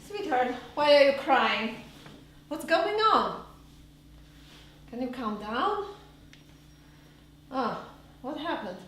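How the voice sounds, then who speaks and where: A woman's voice: high-pitched, sing-song, slow, pauses often, fairly bright tone, a little hiss or hum, heavily acted. A woman voicing a tired, blunt mother who teases her child, recorded live on a theater stage. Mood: teasing. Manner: bluntly teasing, chuckling. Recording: live stage, roomy hall from far off.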